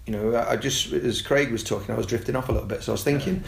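A man, a youth football coach talking casually and telling animated stories. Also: very fast, creaky, reverberant, very noisy. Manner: animated storyteller, mimics excited kids in a high voice. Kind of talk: casual podcast chat.

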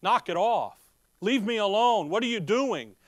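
A man's voice: sits high, lively intonation, a little slow, dry recording. A man preaching, voicing an adult male apostle who bluntly insists on his rights. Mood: insistent.

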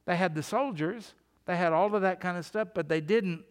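A man preaching a sermon as pastor, in a folksy, animated storytelling way. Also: sits high, normal speed, clear, resonant tone, big-room sound.

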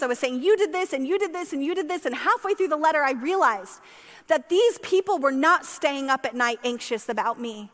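High-voiced woman preaching in a reverberant hall. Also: fairly bright tone. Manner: passionate, builds to emphatic peaks. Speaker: pastor. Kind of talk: sermon. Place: church sanctuary. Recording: long church-hall reverb.

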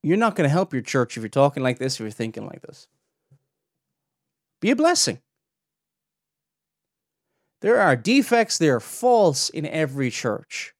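A man giving critical commentary on a podcast, his delivery lively and swinging up and down in pitch. He talks pointedly and throws out rhetorical questions. The sound is dry, with no room behind him. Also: dry recording. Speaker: podcast host reviewing a preacher's clips.

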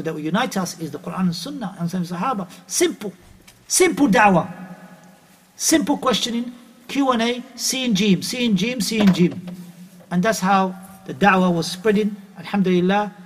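A man's voice: sits high, lively intonation, moderate pace, fairly bright tone, husky. A middle-aged man giving an Islamic lecture, emphatic and repeating his points. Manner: emphatic, repeats phrases, uses Arabic terms. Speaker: Islamic preacher.

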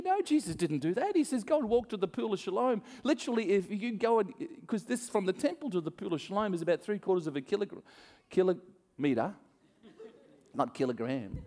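A man preaching a sermon, telling a story with acted-out voices and frequent laughs. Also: sits high. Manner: animated storytelling, acts out voices, laughs often. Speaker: pastor. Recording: long hall reverb.

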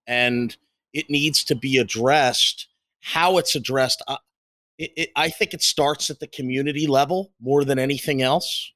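A man's voice: mid-range voice, a little slow, a bit bright, no room sound. A man speaking earnestly with frequent restarts as a guest in a political discussion. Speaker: panel guest.

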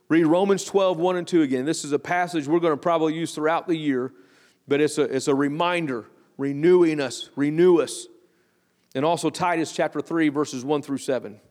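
Male pastor, higher voice, slow emphatic sermon delivery, church hall echo. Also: a little mellow. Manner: slow emphatic scripture reading, drawn-out phrases. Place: church sanctuary. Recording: long church hall reverb.

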